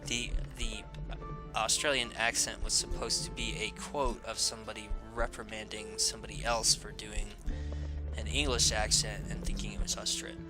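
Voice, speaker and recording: A man's voice: on the low side, level tone, normal speed. A tired man casually commenting on his gameplay as a let's play host, rambling and joking at his own expense. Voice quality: rambling, self-deprecating, jokey. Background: game music.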